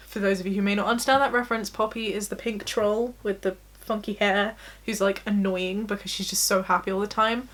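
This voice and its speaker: A woman's voice: mid-range voice, steady tone, brisk. A young woman vlogging in a casual, confessional chat, talking openly and laughing at herself. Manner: chatty, giggly, self-deprecating.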